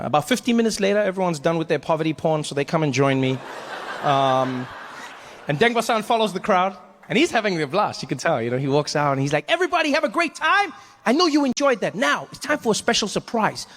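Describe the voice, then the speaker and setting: Animated man telling a stand-up story. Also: on the high side. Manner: animated, acts out dialogue. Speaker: stand-up comedian.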